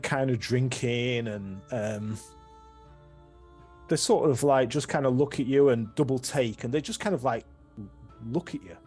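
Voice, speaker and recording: A man with a husky voice runs a tabletop game as game master, describing scenes in a rambling, hesitant way. Faint music plays behind him. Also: medium pitch, darkish tone.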